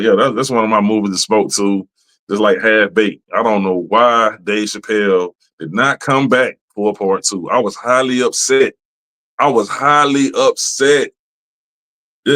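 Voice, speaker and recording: A man's voice: fairly low pitch, fast, low-quality recording. Rambling, profane male podcast host. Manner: profane, rambling, animated storytelling with mimicked voices. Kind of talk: casual monologue.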